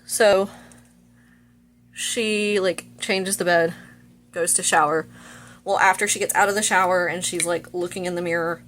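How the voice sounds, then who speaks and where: A woman's voice: lowish voice, steady tone, measured pace, pauses often, a bit bright. A young woman vlogger casually retelling a movie plot, chatty and full of fillers.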